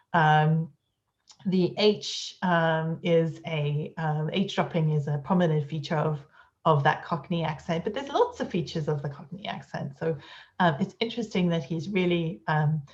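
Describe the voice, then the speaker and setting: Another hesitant, filler-heavy academic lecture from a woman speaking at a conference via video call; her voice runs on the low side, and the audio sounds dull.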